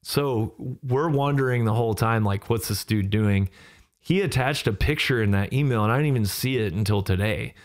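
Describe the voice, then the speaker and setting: A man, hosting his own podcast in a relaxed, rambling way with many fillers and laughs. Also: on the low side, normal speed. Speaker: podcast host and musician. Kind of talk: casual solo podcast talk.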